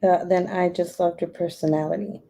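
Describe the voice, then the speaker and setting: A woman's voice: on the low side, fairly even intonation, moderate pace, vocal fry, warm tone. A woman in her twenties chatting casually on her live stream, cussing freely and laughing often. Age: 20s. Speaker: YouTuber.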